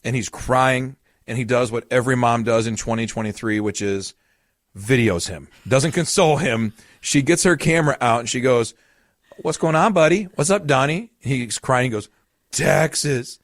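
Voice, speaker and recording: A man's voice: medium pitch, normal speed, dry recording, studio quality. A man hosting a podcast as a retirement coach, explaining in a casual, storytelling way with everyday examples.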